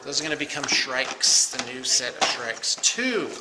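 A middle-aged man who runs a painting studio unboxes miniatures and chats, rambling and joking about himself. His mid-range voice has lively intonation and a measured pace, and the room recording is noisy.

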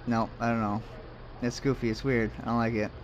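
A man's voice: medium pitch, flat delivery, brisk, lo-fi sound, a little hiss or hum. A man casually commenting as he plays a game, rambling and muttering to himself with jokes along the way. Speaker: let's play host.

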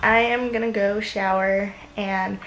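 A woman's voice: mid-range voice, fairly even intonation, a little slow, fairly bright tone, slight background noise, rough recording. A young woman chatting casually and animatedly in a home vlog, swearing now and then. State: out of breath after a workout. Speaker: vlogger.

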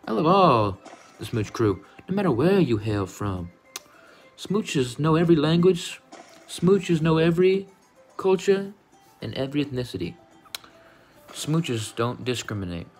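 A low-voiced man chatting through a casual gaming vlog. He rambles goofily and playfully, with some faint music under him. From United States. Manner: goofy, rambling, playfully affectionate. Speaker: gaming YouTuber. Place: his room.

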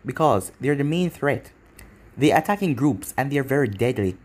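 Casting: a stern, no-nonsense demon hunter girl, lively phrasing, read by a man. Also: medium pitch, normal speed, natural voice. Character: mysterious young female demon hunter, stern instructor.

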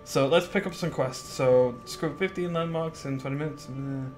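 A man in casual live-stream commentary, with a mid-pitched, conversational voice that rambles and is full of fillers as he thinks aloud. He answers his chat as he goes, and faint game music sits behind him. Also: normal speed.

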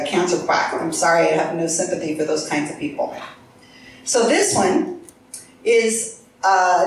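A woman's voice: lowish voice, slight background noise. A woman giving an earnest live talk with slides, speaking to an audience in a lecture room. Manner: earnest, talks to the crowd. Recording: echoey room from far off.

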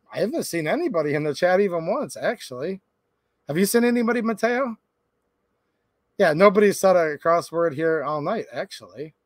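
A man's voice: sits high, dry recording. A man in his thirties hosting a livestream, chatting casually and telling a rambling story with lots of fillers. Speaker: livestream host.

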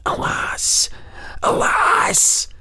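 A man's voice: extremely slow, sharp tone, exaggerated voice. A man voicing a sorrowful, wrinkled old goblin who was once a mortal, in a storybook reading, wailing and whispering. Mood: sorrowful pleading.

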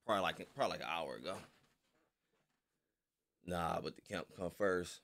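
A man's voice: deep voice, moderate pace, pauses often. A man hosting a live stream in casual chat, laid-back and slangy, reading viewers' messages aloud.

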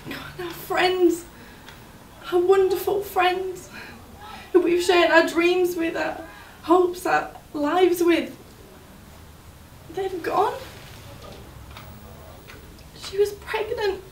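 An actress playing a grieving young fiancée in a stage monologue, speaking in an emotional, halting way. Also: female voice, very high-pitched, steady tone, a little hiss or hum, exaggerated voice. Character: young woman, grieving fiancée, anxious and devoted. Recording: roomy, distant from the mic.

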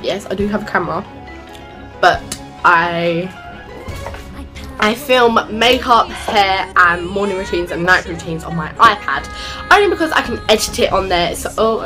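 A woman's voice: medium pitch, unhurried, over music. A teenage girl, vlogging in a rambling, chatty way and calling people sweetheart and darling. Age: teens. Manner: rambling, jumps from subject to subject. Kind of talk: casual chatty vlog.

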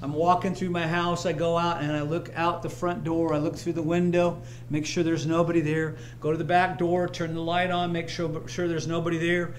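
A man preaching in a high, ringing voice, hammering home repeated phrases and drifting into homely personal stories. A faint hum sits under his words in the church. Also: level tone, moderate pace, hardly any pauses. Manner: emphatic, repetitive, personal storytelling. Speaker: pastor. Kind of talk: sermon. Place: church sanctuary, streamed live.

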